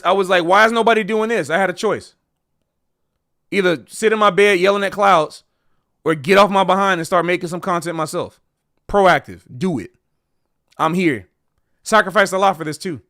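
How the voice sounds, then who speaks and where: Man, high-pitched voice, earnest rambling livestream talk. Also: creaky, a bit bright. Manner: earnest, rambling, repeats himself. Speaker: streamer and jazz educator. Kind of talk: casual livestream monologue.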